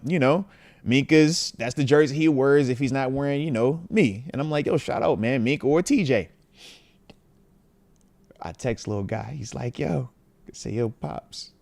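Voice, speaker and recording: A man in his thirties hosting a casual livestream from home, animated as he reads out fan messages. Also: medium pitch, no echo. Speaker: host.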